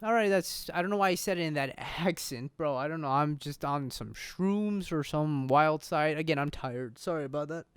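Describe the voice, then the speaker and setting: A man streaming a video game, excitable and jokey, swearing as he reacts. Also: a little high, moderate pace, few pauses, clean tone, dry recording. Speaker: let's play streamer. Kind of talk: casual game commentary. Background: game music.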